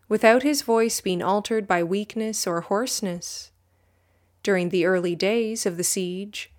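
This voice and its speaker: A woman reading a religious history text aloud in a measured, solemn way, speaking the footnote citations too. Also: mid-range voice. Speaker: audiobook reader.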